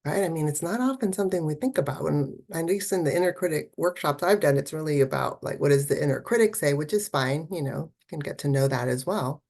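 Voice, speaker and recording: A woman's voice: low-pitched, fast talker, hardly any pauses, a little mellow. A woman art therapist giving a festival talk, encouraging and conversational, often checking in with "right?".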